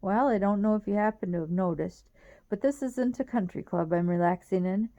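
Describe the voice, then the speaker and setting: A woman's voice: mid-range voice, fairly quick, mellow, muffled recording, lightly acted. A woman reading the lines of a cocky young man in jail, in a wry, teasing tone.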